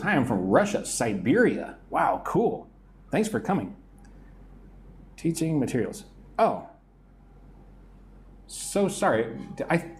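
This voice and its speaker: A man's voice: a little high, a little hiss or hum. Chatty American man teaching English live. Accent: General American. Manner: chatty, reads viewer comments aloud and answers them. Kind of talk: live-stream English lesson reading chat comments.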